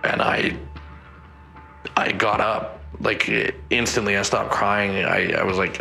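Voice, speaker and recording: Young man, emotional first-person account, quotes dialogue, bright voice, low pitch, music underneath. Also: fairly even intonation, slow pace, gravelly. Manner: retells events by acting out quoted dialogue. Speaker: interviewee, son of victims.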